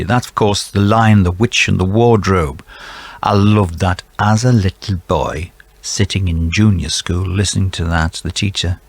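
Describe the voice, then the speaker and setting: A man's voice: on the low side, takes it slowly, dry recording. A middle-aged man reads out quiz answers and keeps breaking off into chatty, jokey asides, sometimes talking to himself. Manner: rambling, jokey, talks to himself. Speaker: quiz host.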